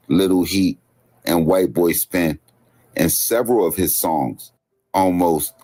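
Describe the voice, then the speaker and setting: A man's voice: low-pitched, darkish tone. A man narrating a serious scripted story about street violence, then asking viewers to comment. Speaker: channel host narrator.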